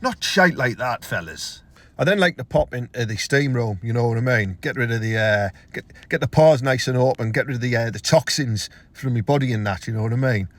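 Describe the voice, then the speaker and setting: A young man with a Teesside accent delivering a crude, swearing comic rant to camera, his voice jumping high when he gets outraged. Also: lively intonation, brisk, no room sound. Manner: crude, ranting, swears freely, big pitch jumps when outraged. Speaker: comedian.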